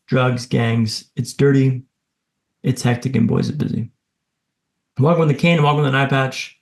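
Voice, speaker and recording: A man's voice: mid-range voice, gravelly, darkish tone, roomy sound. A man guest on a podcast, telling a dramatic personal story in vivid, punchy lines with self-deprecating humour.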